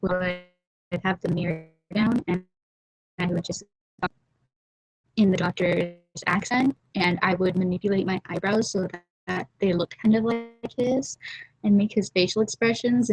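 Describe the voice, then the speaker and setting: A woman's voice: mid-range voice, steady tone, moderate pace, a little mellow, poor audio. Young woman host, loose rambling livestream chat, giggly asides, mumbled trail-offs, laptop mic. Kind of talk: casual chat while drawing. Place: warm room at home.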